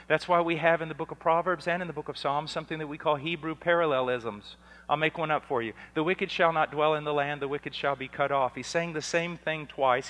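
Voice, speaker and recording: A man preaching a sermon, impassioned and building to near-shouting on key points. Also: a little high. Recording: long reverb of a large hall.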